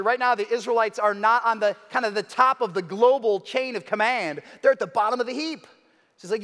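With a high-sitting voice and a brisk pace, a pastor delivers a sermon, relating the story casually and animatedly while acting out quoted lines. The recording carries the long reverb of a large hall.

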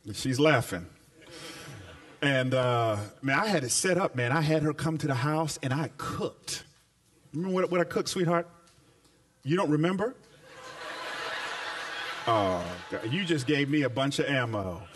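A male pastor with a high voice that leaps up and down as he preaches. He hammers repeated phrases and slips into folksy, humorous asides to the congregation, and the mic picks him up from some distance. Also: lively intonation, measured pace, pauses often, fairly bright tone. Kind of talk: sermon. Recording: voice picked up from a distance.

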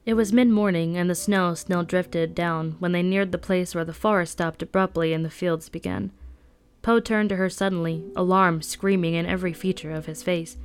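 A woman reading a novel aloud at a steady storytelling pace. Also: fairly low pitch, moderate pace, clean tone. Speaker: audiobook reader. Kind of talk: scripted narration.

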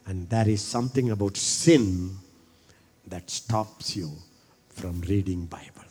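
A middle-aged man preaching a sermon. He repeats his phrases and builds from quiet talk to shouting. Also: low voice, slow, husky, in a large hall.

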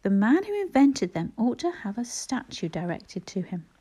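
A woman's voice: fairly high pitch, big pitch swings, normal speed, mellow. A woman reading aloud and voicing a brave, practical young girl who talks earnestly and reassuringly in a storybook. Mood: gentle, reassuring.

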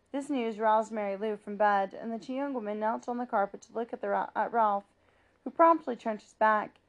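A woman reading a children's novel aloud in a steady, plain narrating voice, with small slips. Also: on the high side, normal speed, highs cut off. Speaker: reader.

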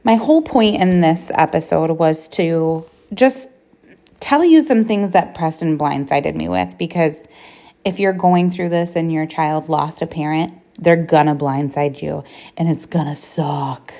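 A woman's voice: fairly low pitch, creaky, warm tone. A woman in her thirties hosting a solo podcast, talking candidly and bluntly with plenty of swearing. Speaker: podcast host.

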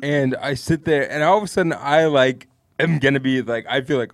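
A man's voice: mid-range voice, fairly quick. A young man on a podcast, casually telling a long story to friends, rambling with lots of fillers and swearing. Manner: rambling, laid-back, heavy swearing and fillers. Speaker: podcast co-host.

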